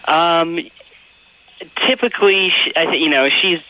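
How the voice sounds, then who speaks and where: A man's voice: fairly high pitch, measured pace, bright, forceful tone, rough recording. A man from the East Coast calling a radio show, talking in a laid-back surfer-stoner drawl. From East Coast of the United States. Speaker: caller. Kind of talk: call-in radio conversation.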